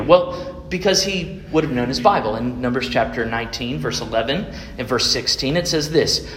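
A man preaching a sermon, asking his congregation rhetorical questions between dramatic pauses. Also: fairly high pitch, fairly bright tone, slight background noise. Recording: echoey hall with long reverb.

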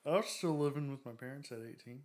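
A young man co-hosting a casual podcast, relaxed and jokey, who tosses in short remarks. His voice is at a middling pitch for a man. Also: fast talker. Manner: laid-back, joking, short remarks. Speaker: podcast co-host. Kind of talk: casual chat.

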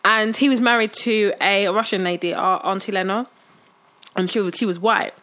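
A woman with a slight lisp, telling lively stories in a casual chat and teasing her co-host. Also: mid-range voice, moderate pace. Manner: teasing, exclaiming, laughing through stories. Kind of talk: casual chat, animated storytelling.

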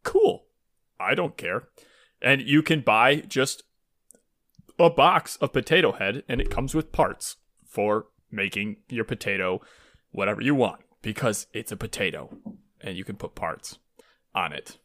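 A man's voice: fairly low pitch, expressive, pushed and bright. A man with a Michigan accent co-hosting a podcast in casual chat, talking with feeling and many stops and restarts. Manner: emotional, halting, many restarts. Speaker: podcast co-host.

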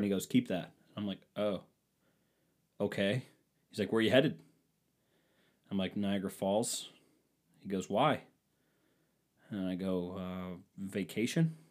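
A man's voice: on the low side, darkish tone. Rambling, profane young American guy. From United States. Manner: rambling, profane, jokey, acts out quoted exchanges. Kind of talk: casual storytelling monologue.

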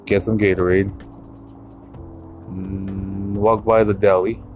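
A man's voice: deep voice, steady tone, slow pace, creaky, pauses often, a little mellow, faint music behind. Profane, heated male podcast ranter. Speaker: podcast host. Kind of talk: casual podcast rant.

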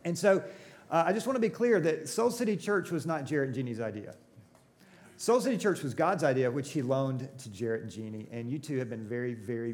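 A middle-aged man preaching a sermon in a church auditorium, telling stories with jokes and asking the audience questions. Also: fairly high pitch. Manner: joking, crowd-engaging storytelling. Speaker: pastor.

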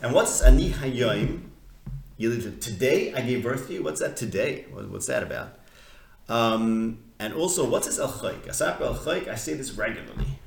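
A man leads a casual text study class. He keeps posing questions and restarting his sentences as he thinks aloud. His voice sits at an ordinary pitch and carries a noticeable echo from the room. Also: lively intonation, normal speed, gravelly. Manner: conversational, questioning, full of restarts and fillers. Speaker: Torah teacher. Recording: echoey room.

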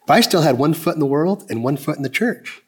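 A man in his fifties delivers a sermon to his church, his voice sitting a touch higher than most men's. He carries his message through personal stories, slipping into other people's words by lowering his voice to play them. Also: expressive, fast talker, darkish tone, husky. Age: 50s. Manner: storytelling, acting out dialogue in lowered voices. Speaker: pastor.

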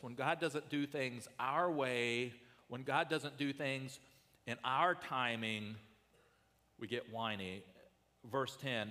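A male pastor preaching a sermon in an earnest way, rising loud and then dropping soft. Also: medium pitch, in a large hall.

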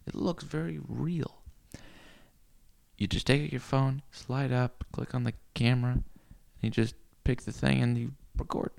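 Man, gravelly voice, crude rambling comic monologue, cursing. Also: medium pitch, little pitch movement, moderate pace. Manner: crude, rambling, swings into loud rants.

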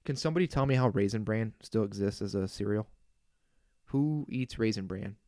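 A man's voice: fairly low pitch, moderate pace, mellow, dry recording, clean studio sound. A young man hosting his own podcast, ranting casually and with exasperated humor, full of asides and jokes. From Kansas. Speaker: podcast host. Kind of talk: casual solo podcast rant.

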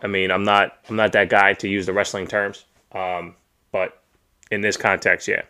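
Blunt, swearing podcast host with a bright voice. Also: male voice, sits low, flat delivery, normal speed. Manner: blunt and ranting, swears freely. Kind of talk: casual wrestling chat, profane and opinionated. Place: home streaming setup.

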